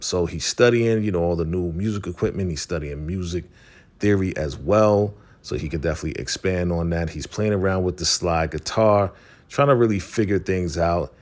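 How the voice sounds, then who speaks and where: A man's voice: deep voice, moderate pace, a little mellow. A man hosting a casual recap vlog, laid-back and calling his viewers family. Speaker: host of a TV recap channel.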